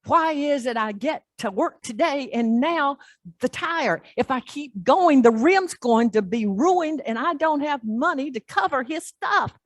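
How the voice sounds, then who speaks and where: Picture a distraught young mother stranded on a dusty road, pleading in a raised voice, as a woman preacher puts her on. Her anguish is clear in every word, and the room around her is dry. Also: sits high, animated, unhurried, dry recording, voice pushed up.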